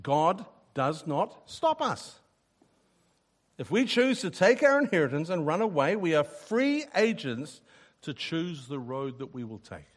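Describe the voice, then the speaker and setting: Lively, emphatic New preacher man. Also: fairly high pitch, unhurried. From New Zealand. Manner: earnest, emphatic, repeats words when starting sentences. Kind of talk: sermon.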